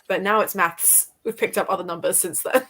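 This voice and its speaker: A woman's voice: fairly low pitch, moderate pace, a bit bright. A British woman hosting a livestream, chatting casually and reading viewers' comments aloud with frequent laughter. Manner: chatty, laughs often between thoughts. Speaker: livestream host.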